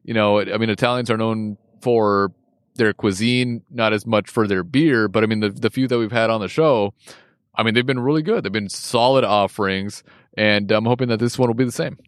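A man's voice: on the low side, normal speed, no room sound, studio quality. A man co-hosting a podcast, chatting casually about a beer he is tasting, rambling loosely and laughing often. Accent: American. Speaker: podcast co-host.

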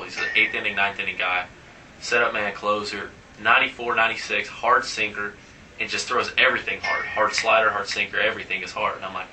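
A male baseball player recounts games in a casual interview, animated and acting out what everyone said. His voice is very bright and a little low, picked up from some distance with a faint hiss underneath. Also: fast talker. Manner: animated, acts out dialogue in anecdotes.

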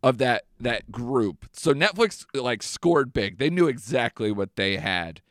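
A man's voice: mid-range voice, big pitch swings, a little slow, no room sound, studio quality. A young man hosting a movie podcast, chatting casually and animatedly with lots of fillers. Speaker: podcast host.

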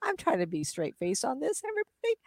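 A woman's voice: sits high, wildly swooping pitch, quick pace, vocal fry, darkish tone, no room sound. A middle-aged woman, a psychic medium, chatting in an interview and acting out spirits with gasps and laughs. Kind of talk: casual interview talk.

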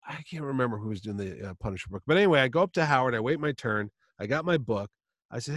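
A man who works as a comic artist, telling a story in a casual, animated way and acting out other people's voices. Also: mid-range voice, quick pace, no room sound.

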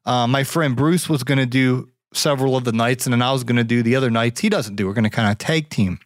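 A man's voice: mid-range voice, fast talker, no room sound, studio quality. A man hosting a podcast, telling a story in a casual, reflective way, full of fillers and restarts. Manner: reflective, grateful. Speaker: podcast host.

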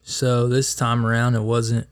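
A man's voice: medium pitch, completely flat delivery, a little slow. A man co-hosts a casual podcast. He pokes fun at his friend and throws in joking remarks, keeping the conversation light. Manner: teasing, ribbing his co-host. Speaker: podcast co-host. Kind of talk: casual chat.

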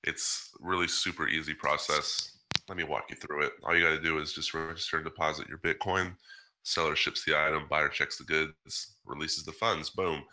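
Man, podcast host, low pitch, bright tone, casual ad reads. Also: little pitch movement, moderate pace. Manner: breezy, joking ad delivery.

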